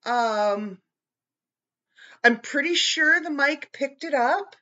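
Animated woman podcast host, bright voice. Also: sits high, slow pace, lo-fi sound. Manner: animated, bickering playfully with someone off-mic. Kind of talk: casual chat.

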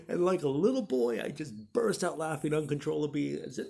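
Animated gravelly-voiced man telling stories. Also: brisk. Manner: animated, acts out quotes in high voices. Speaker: podcast host. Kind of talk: casual storytelling monologue.

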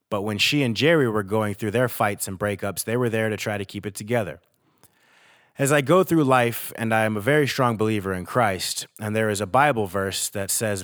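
A man in his thirties, a podcast host, reading a personal letter aloud in a steady, earnest way with pauses. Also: fairly low pitch, no room sound, clean studio sound.

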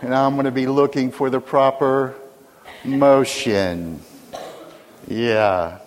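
An older male pastor delivers a sermon in a relaxed storytelling way, joking and asking his congregation questions. His voice sits at an ordinary pitch for a man. A long church reverb trails after his words. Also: slow, a little hiss or hum. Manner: warm storytelling with humor, asks congregation questions. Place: church sanctuary.

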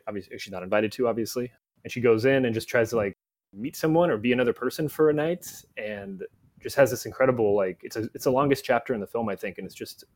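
A man speaking as a guest film critic in a casual podcast conversation, rambling with lots of "like" fillers. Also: on the low side.

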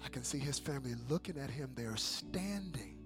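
A male pastor preaching a sermon in a church service, dropping to hushed storytelling and then building to shouted calls for the congregation to answer back. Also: mid-range voice, lively intonation, normal speed, over music. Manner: call-and-response with the congregation.

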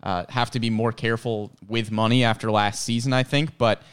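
Male podcast co-host, earnest explainer with a joking streak, clear resonant voice. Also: mid-range voice, little pitch movement, a little fast. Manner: earnest, explanatory with playful asides. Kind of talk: casual sports podcast chat.

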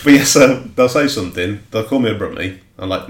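A man's voice: fairly low pitch, fairly quick, few pauses, echoey room. A man with a Black Country accent co-hosting a casual beer podcast, teasing and self-mocking. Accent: Black Country English. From Black Country, England. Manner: dry, self-mocking banter. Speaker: podcast co-host. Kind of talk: casual podcast chat reviewing beers.

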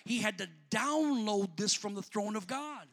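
A man preaching a sermon, talking in a plain, colloquial way to the congregation and rising to shouts before dropping back to easy talk. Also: sits high, expressive, a little slow. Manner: builds to shouting, then drops back to conversational.

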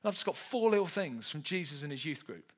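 A man's voice: on the high side, big pitch swings, quick pace. A man in his thirties preaching a humorous sermon, telling stories with self-mocking humour.

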